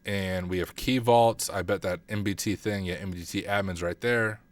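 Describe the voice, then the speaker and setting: Man, casual livestream walkthrough, self-deprecating, slightly low voice, typing heard. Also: steady tone, normal speed. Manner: thinks aloud, self-deprecating, mutters while typing. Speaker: cybersecurity streamer.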